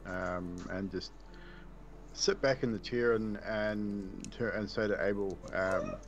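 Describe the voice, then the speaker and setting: A man's voice: lowish voice, fairly even intonation, slow pace, a little hiss or hum. A man playing a tabletop role-playing game, laughing as he describes his character's actions. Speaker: player. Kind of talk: casual tabletop play.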